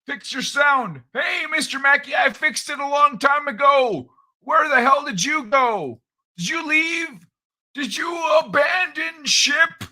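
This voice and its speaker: A man voicing a loud, cranky old man character on a live stream, grumbling and complaining. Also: very high-pitched, lively intonation, slow pace, voice pushed up, full character voice.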